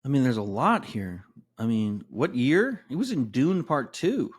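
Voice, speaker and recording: A man's voice: medium pitch, big pitch swings, unhurried, slightly rough. Brash swearing man hosting a podcast. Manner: brash, swears freely, rattles off lists. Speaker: podcast host. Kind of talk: casual podcast banter.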